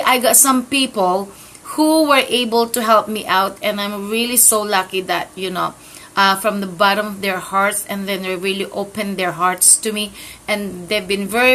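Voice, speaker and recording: A woman's voice: medium pitch, fairly even intonation, moderate pace, sharp tone, rough recording. A woman hosting her own talk channel, chatting casually and gratefully, with many fillers and restarts. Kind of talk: casual chat to camera.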